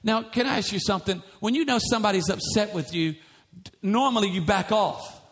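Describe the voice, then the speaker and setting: A middle-aged male pastor with a high voice preaches fairly quickly, reading scripture aloud as his sermon builds in fervor.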